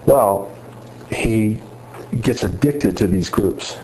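A man's voice: fairly low pitch, takes it slowly, a little mellow, a little hiss or hum, rough recording. A man giving an earnest sermon-style talk to students, retelling a story with many restarts. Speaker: speaker addressing students on faith.

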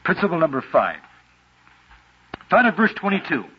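A man preaching with a husky, slightly breathy voice that swings up and down in pitch. His delivery is dramatic, and he slips into the voices of the people he quotes. The recording sounds dull and muffled. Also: sing-song, normal speed. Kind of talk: sermon.

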